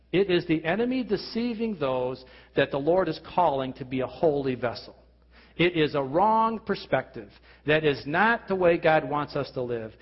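A male pastor with a husky, slightly high voice delivers an earnest sermon in a church hall, often restarting and posing rhetorical questions. The lo-fi recording carries a long hall reverb.

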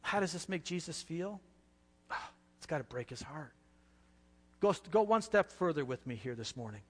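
A fairly high-voiced man preaching a sermon in a church, his words ringing out with a long hall reverb. He talks with passion, sinking to a hush and then swelling loud again. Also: expressive, moderate pace. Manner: impassioned, swings from hushed to loud. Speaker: pastor.

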